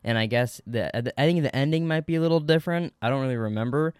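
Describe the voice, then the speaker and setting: A man with a smooth, clear voice chatting casually on a podcast, recorded close and dry. He jokes easily and swears in passing. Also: medium pitch, fast, no echo. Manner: relaxed, joking, swears casually. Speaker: podcast co-host. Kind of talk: casual chat.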